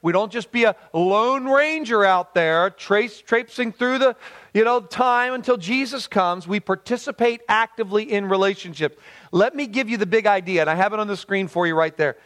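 A male pastor preaching a sermon, lively and conversational, slowing down for emphasis and dropping lower when reading scripture aloud.

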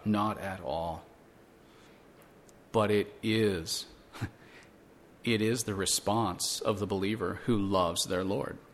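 A man's voice: low voice, fairly bright tone. A man teaching a church Bible lesson, earnest and explanatory, using rhetorical questions and frequent restarts.

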